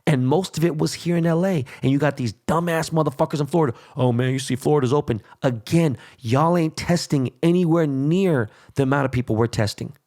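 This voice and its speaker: A man's voice: a little high, brisk, few pauses, a little mellow. A man hosting his own podcast, ranting bluntly and heatedly with constant profanity. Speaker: podcast host. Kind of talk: profane solo rant.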